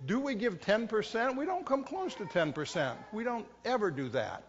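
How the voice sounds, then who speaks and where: A middle-aged pastor preaches in a relaxed, self-mocking way, slipping into the voices of people in his pews. His voice sits somewhat high for a man. The sound is dull and muffled, with a long reverb trailing off the walls of the church. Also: moderate pace, soft background music. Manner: conversational, self-mocking humor, acts out inner voices of congregants. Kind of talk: sermon. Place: church sanctuary.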